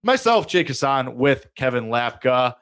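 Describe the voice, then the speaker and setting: A man hosting a casual sports podcast, animated and self-mocking, given to rants. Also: medium pitch, unhurried. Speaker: podcast host.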